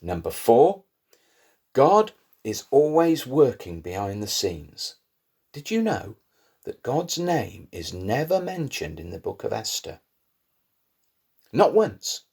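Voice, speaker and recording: A man tells a Bible story to primary-age children, slowly and with lots of expressive rises and falls in his voice. His tone is slightly husky, and he leans into key words to keep young listeners hooked. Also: mid-range voice. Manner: lively, expressive storytelling with rising emphasis.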